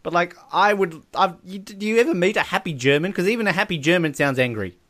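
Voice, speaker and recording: A man co-hosting a casual movie commentary chat, animated and often laughing. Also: high voice, fast. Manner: giggly, animated, keeps breaking into laughter. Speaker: podcast co-host.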